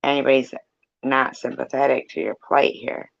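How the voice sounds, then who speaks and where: A man's voice: medium pitch, steady tone, moderate pace, creaky, a bit bright, highs cut off. A man hosting a casual live chat room, rambling and blunt, swearing now and then.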